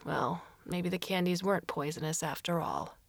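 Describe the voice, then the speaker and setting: A woman's voice: fairly low pitch, moderate pace, dry recording. A woman narrating a story in audiobook style, reading expressively and shifting into voices for the characters.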